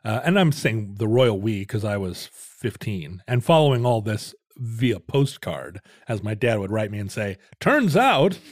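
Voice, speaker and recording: A man's voice: fairly low pitch, normal speed, hardly any pauses, a little mellow, no echo. A middle-aged man casually telling a rambling family story with dry jokes on a podcast.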